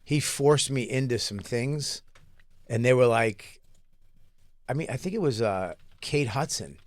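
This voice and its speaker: A man's voice: mid-range voice, lively intonation, a little slow, dry recording. A man co-hosting a podcast, telling crude, self-deprecating stories in casual comedic chat. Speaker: podcast co-host.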